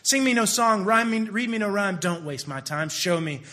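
A man's voice: high-pitched, expressive, moderate pace, bright, forceful tone. A man singing the part of an exasperated young woman who is sick of hearing words and wants proof of love. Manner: sung, exasperated.

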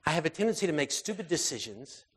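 Talking fast in a fairly high, sing-song voice with a breathy edge, a man preaches an informal sermon. It's conversational and packed with fillers and restarts, shifting between raised intensity and soft quiet.

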